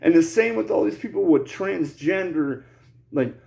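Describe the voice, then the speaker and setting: A man's voice: sits high, animated, moderate pace, gravelly, dark tone, low-quality recording. A man in his forties delivering a heated, profane vlog rant, rambling and repeating himself, peppering every line with "bro" and "dude.". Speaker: vlogger.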